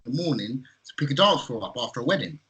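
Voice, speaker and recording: Man, podcast co-host, easygoing, bright tone, mid pitch. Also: very animated, fast talker, poor audio. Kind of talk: casual chat.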